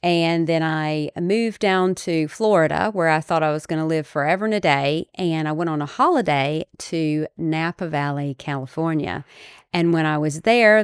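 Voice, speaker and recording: A woman with a smooth, clear voice pitched a little low tells a personal story in an easy, chatty way. She brings quoted speech to life as she goes. The sound is dry and close. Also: no echo. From United States. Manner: lively storyteller who acts out quoted speech. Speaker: optometrist podcast host. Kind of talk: casual conversational storytelling.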